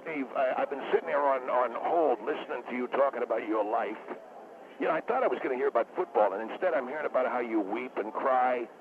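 A man's voice: medium pitch, quick pace. A man from Las Vegas calling in to a radio show, hesitant and full of restarts. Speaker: caller. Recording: gravelly tinny phone line with hiss.

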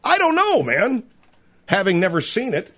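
A man hosts a casual talk radio chat, reading a news item aloud and riffing on it. His voice sits a bit higher than most men's. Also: wildly swooping pitch, normal speed, sharp tone. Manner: reads news aloud and riffs on it.

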